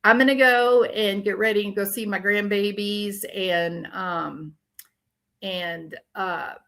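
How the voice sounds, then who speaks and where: A woman's voice: medium pitch, steady tone, slow, a bit bright. An older woman hosting a casual true crime commentary livestream, ranting and reacting to viewer comments as they come in.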